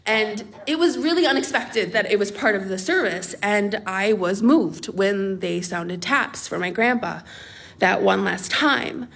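A young adult woman telling a comic personal story on stage at a live storytelling event, animated and laughing as she talks. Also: mid-range voice, measured pace, vocal fry. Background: audience laughter.

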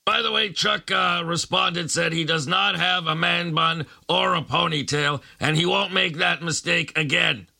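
Sarcastic late-night radio guy, kinda husky, talks high. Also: fairly even intonation, measured pace, hardly any pauses, sharp tone. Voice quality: sarcastic, ranting comic delivery. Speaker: radio show host.

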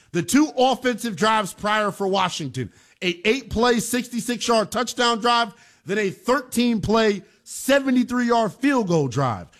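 A man's voice: high voice, fairly bright tone. A man hosting a sports talk show, arguing football calls with impassioned, emphatic conversational commentary. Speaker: sports radio host.

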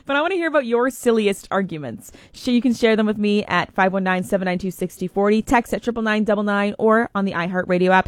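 A woman's voice: mid-range voice, fast, no room sound. A young woman, hosting a radio show and telling a story in a chatty way with lots of fillers. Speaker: radio host. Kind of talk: casual radio chat. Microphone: studio microphone.

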